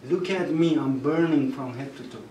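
A man with a Persian accent and Persian as his first language, telling personal stories at a gathering, halting and restarting, with soft laughs. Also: a little high, slight background noise. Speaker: storyteller at a gathering. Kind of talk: personal storytelling. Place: gathering room. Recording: echoey room, mic far off.

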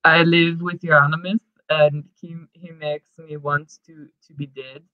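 A woman voicing a gloomy young male musician who longs to die, speaking in a flat, quiet way with a put-on vague European accent. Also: low-pitched, measured pace, no room sound, pitched below the performer's own voice. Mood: mopey. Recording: dull lo-fi podcast mic.

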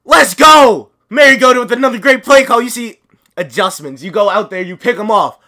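High, excitable man yelling at a game. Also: fairly quick. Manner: yells and chants, sings cheers, flustered self-talk. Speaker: gaming commentator. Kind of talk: excitable live gameplay commentary.

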